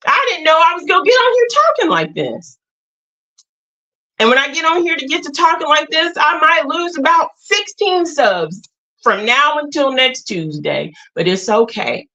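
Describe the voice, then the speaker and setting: A woman with a high, sharp voice talks straight to her livestream viewers. She is emphatic and blunt, with a preachy edge as she lays out her spiritual views. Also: very animated, normal speed, rough recording. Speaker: livestream host. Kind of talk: impassioned spiritual talk to viewers.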